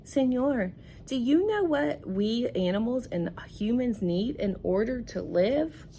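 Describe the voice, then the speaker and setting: A woman's voice: on the high side, lively intonation, takes it slowly, mellow, slight background noise, pitched above the performer's own voice. A woman reading aloud as a porcupine from a storybook, asking pointed questions emphatically. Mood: emphatic. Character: porcupine lecturing about oxygen.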